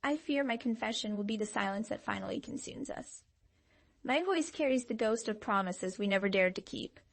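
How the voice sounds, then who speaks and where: A woman reading a scripted channeled love message as a tarot reader, in a slow, dramatic, emotive way. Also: fairly high pitch, expressive, gravelly, dry recording.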